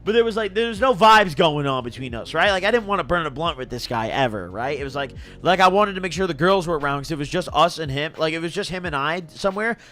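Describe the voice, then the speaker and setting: Animated, bright-voiced young man storyteller. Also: fairly high pitch, fast, hardly any pauses. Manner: animated, slangy, laughs through his story. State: intoxicated. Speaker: streamer. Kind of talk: casual storytelling on stream.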